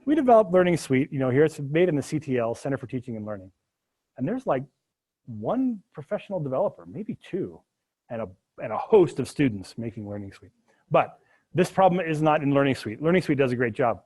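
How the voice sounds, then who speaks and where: A university lecturer with a medium-pitched, slightly rough voice talks a bit quickly as he teaches spreadsheet coding live. Each step comes with animated, jokey side comments for his students.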